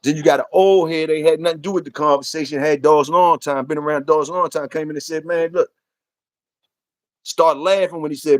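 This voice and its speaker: A man's voice: fairly high pitch, fairly even intonation, brisk, no room sound. Profane, emphatic man ranting on a livestream. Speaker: livestream host. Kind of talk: casual livestream rant.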